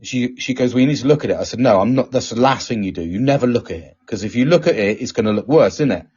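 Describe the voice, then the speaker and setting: Male podcast host, husky, sweary storyteller, dull lo-fi sound. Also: mid-range voice, animated, fast, a little mellow. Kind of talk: casual chat. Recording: dull lo-fi recording.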